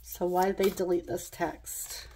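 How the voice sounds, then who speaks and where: A woman's voice: fairly low pitch, monotone, unhurried, warm tone, slight background noise. A woman talks through a pick-a-card tarot reading in a casual, rambling way. She laughs at her own slips and keeps the tone chatty as she goes from card to card.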